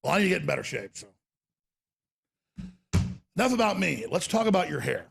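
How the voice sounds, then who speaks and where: A man hosting a talk show, rambling and sardonic, with a raspy voice. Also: on the high side, very animated, brisk, a bit bright, slight background noise.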